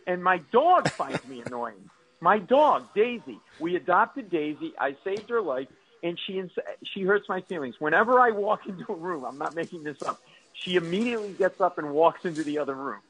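A man's voice: high voice, expressive, normal speed, fairly bright tone, husky, poor audio. A middle-aged man, a stand-up comedian, telling exaggerated, self-mocking stories as a radio guest. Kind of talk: comic storytelling on radio.

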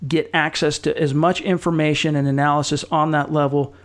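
A man's voice: a little high, little pitch movement, brisk. A man hosting a sports podcast, talking casually and upbeat, plugging subscriptions. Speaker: podcast host.

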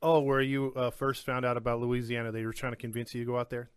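Chatty interview host, dry close sound, on a video call. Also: male voice, medium pitch, little pitch movement, quick pace, clear, resonant tone, no room sound. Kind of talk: casual interview.

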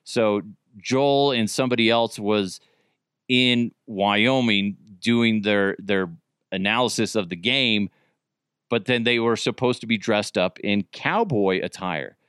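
A man in his thirties hosting a podcast, telling old radio stories in a rambling, profane, animated way with frequent restarts. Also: fairly low pitch, slow, clean tone, dry recording, clean studio sound. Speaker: podcast host, former radio producer. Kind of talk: casual storytelling.

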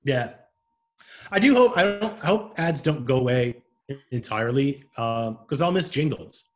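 A man of middle pitch in relaxed conversation on a comedy talk show. He speaks easily, drops dry asides and often agrees with his partner. His tone stays laid-back throughout. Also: moderate pace. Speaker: podcast co-host. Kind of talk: casual comedic chat.

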